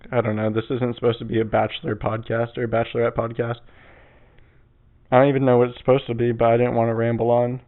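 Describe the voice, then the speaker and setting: A young man hosting a solo podcast, rambling casually, swearing often and laughing at himself. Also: mid-range voice. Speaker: podcast host. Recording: tinny phone-like sound.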